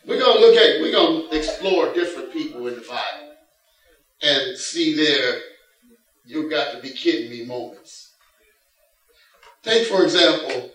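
Slow-preaching pastor in an echoey church. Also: male voice, on the high side, fairly bright tone. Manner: folksy preaching, repeats a catchphrase, reads scripture aloud. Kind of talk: sermon. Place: church sanctuary. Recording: echoey church hall from a distant mic with faint music.

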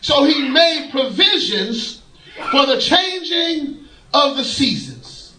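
A man preaching a folksy sermon, laughing often and rising to shouts. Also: very high-pitched, very animated, takes it slowly, roomy sound, a little hiss or hum, rough recording.

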